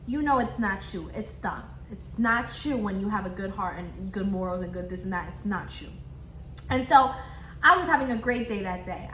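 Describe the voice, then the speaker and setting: A high, bright young woman telling a story on her vlog between bites of food, animated and chatty. Her voice rings in an echoey room with faint background noise. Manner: animated, talks while chewing, acts out the customer exchange. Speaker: vlogger. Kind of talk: casual storytime while eating.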